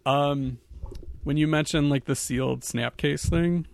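Gravelly guy on a movie podcast, laid back, lots of ums, dead dry sound. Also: fairly high pitch, fairly even intonation, unhurried, dry recording. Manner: laid-back, rambling, hesitant fillers. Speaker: podcast co-host. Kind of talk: casual movie review chat.

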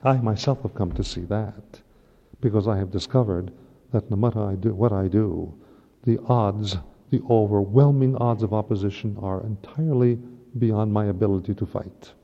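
A man's voice: fairly low pitch, moderate pace. A man preaching a sermon at Mass, impassioned and rising to emphatic peaks. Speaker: priest. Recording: dull lo-fi recording in a long-reverb hall.

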